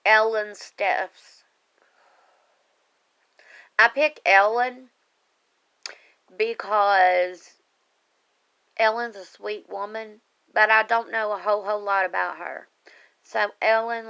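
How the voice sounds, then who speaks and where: A woman's voice: medium pitch, steady tone, takes it slowly, gravelly, pauses often, sharp tone, clean tone. A woman speaking earnestly and emotionally to her online group on camera, rambling a little as she talks straight to her viewers. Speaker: online group member sharing her life story. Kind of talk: casual heartfelt live video talk.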